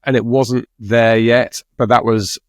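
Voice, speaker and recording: A man's voice: mid-range voice, level tone, dry recording. A middle-aged man co-hosting a podcast, chatting casually and often restarting his sentences. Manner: halting, with frequent restarts. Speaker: podcast co-host. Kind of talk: casual chat.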